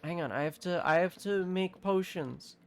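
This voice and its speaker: A streamer giving casual, excitable commentary while playing a video game, often exclaiming and laughing. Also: medium pitch, moderate pace, clean tone.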